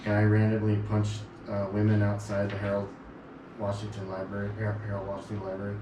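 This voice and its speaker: A man's voice: lowish voice, monotone, fairly quick, reverberant, far from the mic, noisy background. A man co-hosting a local radio talk show, joking and laughing a lot as he banters with his co-host and guest. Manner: jokey, laughs often. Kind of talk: casual banter. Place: radio studio.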